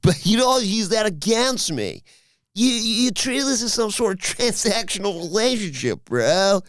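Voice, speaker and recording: A man's voice: lowish voice, big pitch swings, normal speed, vocal fry, fairly bright tone, no echo, heavily acted. A man voicing a brash, defensive young female wrestler who drawls and keeps saying dude and bro. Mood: indignant.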